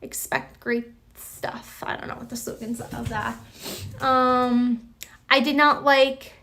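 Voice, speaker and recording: High bright-voiced chatty woman streamer. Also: little pitch movement, a little slow, a little hiss or hum. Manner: chatty, rambling, many fillers and restarts. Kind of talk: casual live chat.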